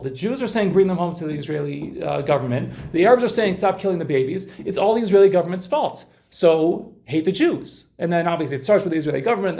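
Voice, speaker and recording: A man's voice: on the high side, vocal fry, a little mellow. A man giving an informal Torah talk to a group, chatting and putting questions to his listeners. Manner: conversational, questions the audience, many restarts. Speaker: Torah class speaker.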